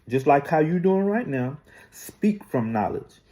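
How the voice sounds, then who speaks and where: Emphatic man with a mellow voice. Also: medium pitch, very animated, rough recording. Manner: emphatic, preachy, slow and deliberate. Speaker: apologist rebutting commentary. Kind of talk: reaction rebuttal.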